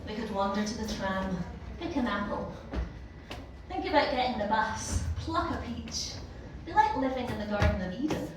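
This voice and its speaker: A woman with a Glaswegian accent delivering a scripted comic monologue with deliberate punchlines, heard from a distant mic in an echoey live venue. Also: on the high side, expressive, noisy background. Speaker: comedy performer.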